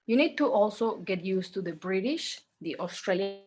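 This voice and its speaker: A woman teaching an online exam-prep class, speaking slowly, repeating herself and often checking in with "okay?". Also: mid-range voice, expressive, a little mellow. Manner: slow, repetitive, checks in with "okay?".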